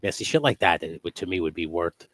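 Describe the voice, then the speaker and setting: A man hosting a live stream in casual chat, telling stories in a profane, animated way. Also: low voice, fast, no echo.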